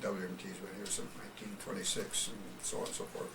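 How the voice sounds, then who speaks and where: A man's voice: low-pitched, monotone, fast talker, a bit bright. An older man, a retired radio personality, telling folksy stories in an oral history interview. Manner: folksy storyteller, chuckles often. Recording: roomy, distant mic with background noise.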